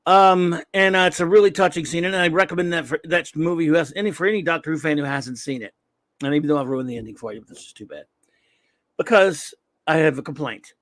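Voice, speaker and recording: A man's voice: fairly high pitch, quick pace, a bit bright, no echo. A man hosting a show, talking casually as a fan, rambling with many restarts and fillers. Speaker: show host. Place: home room at night.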